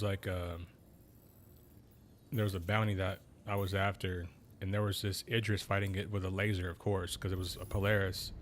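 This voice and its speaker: Laid-back, low-voiced male streamer. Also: slight background noise. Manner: slow, laid-back talker; keeps voice down. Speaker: game streamer. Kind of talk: casual live-stream chat.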